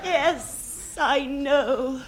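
An actress playing a breathless romantic heroine in a comedy sketch, drawn-out and swooning. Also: female voice, high-pitched. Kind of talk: parody melodrama acting. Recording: noisy live recording with audience.

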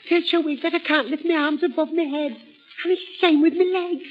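A woman's voice: sits high, brisk, lightly acted. An actress playing a fussy, hypochondriac old mother in a comic sketch, whining and self-pitying. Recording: tinny, phone-like old recording.

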